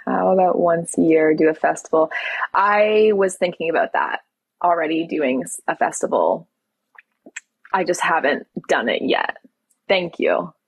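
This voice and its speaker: A woman's voice: on the low side, lively intonation, a little slow, vocal fry, slightly rough, low-quality recording. A young woman from Toronto hosting a casual live stream, reading viewer questions aloud and answering them candidly. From Toronto, Canada. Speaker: livestream host.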